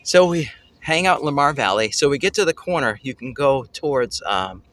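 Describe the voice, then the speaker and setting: A man hosting a family travel show, telling a story casually and excitedly, often pausing to search for words. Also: medium pitch. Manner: excitable, gropes for words, exclaims "holy cow".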